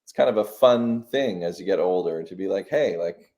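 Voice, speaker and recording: A man in his thirties from the United States, a musician guest, talking in a relaxed, reflective way and laughing easily. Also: low-pitched, moderate pace, a little hiss or hum. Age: 30s. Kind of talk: casual chat.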